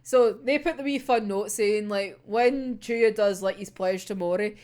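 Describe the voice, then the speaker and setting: A woman's voice: medium pitch, measured pace, darkish tone. A young woman chatting casually as a manga reaction vlogger, sweary and dramatic, laughing often and rambling with fillers. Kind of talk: casual chat.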